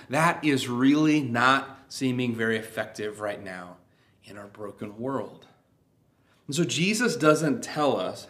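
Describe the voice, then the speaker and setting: A man preaching a sermon, reading scripture aloud in a measured way and letting the ends of his phrases fall away. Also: mid-range voice, lively intonation, a bit bright. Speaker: pastor.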